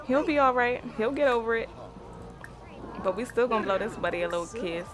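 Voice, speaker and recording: A woman talks through her gameplay in a chatty, playful, slang-heavy way, her pitch leaping up and down as she reacts. Her voice sits a little high for a woman. Game music plays clearly underneath her. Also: animated, fairly quick. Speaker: let's play host. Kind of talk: casual gameplay commentary.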